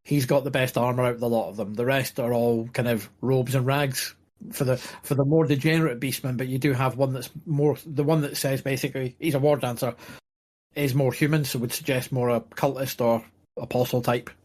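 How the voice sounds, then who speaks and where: A man's voice: medium pitch, steady tone, brisk, a little mellow. A man co-hosting a podcast, rambling a little and restarting sentences as he searches for words. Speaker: podcast co-host. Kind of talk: casual chat.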